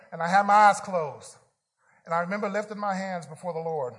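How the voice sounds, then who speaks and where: Animated high-voiced preacher in a reverberant hall. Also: male voice, a little fast. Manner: animated testimony, whispering quotes then shouting. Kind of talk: storytelling sermon.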